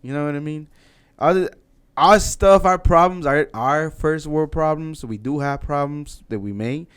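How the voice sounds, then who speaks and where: A man's voice: a little high, a little slow, fairly bright tone, smooth. A man hosting a casual podcast interview, laid-back and encouraging, laughing easily. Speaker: podcast host.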